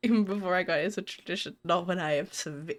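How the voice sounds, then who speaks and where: A woman streamer with a lowish voice talks quickly while gaming, chatting casually with her audience. She giggles, rambles and restarts her sentences.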